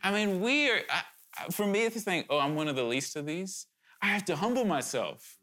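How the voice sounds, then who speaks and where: A man's voice: high voice, expressive, fairly quick, sharp tone. A man preaching a sermon to his congregation, earnest and urgent, talking conversationally with candid asides and sudden emphatic rises.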